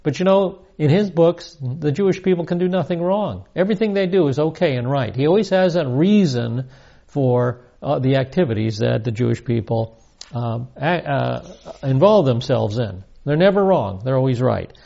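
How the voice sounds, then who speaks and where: Man, Bible teacher, verse-by-verse teaching, emphatic repeats, mellow tone, muffled lo-fi sound. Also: mid-range voice, expressive, moderate pace, creaky. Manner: emphatic, repeats key points with rising stress.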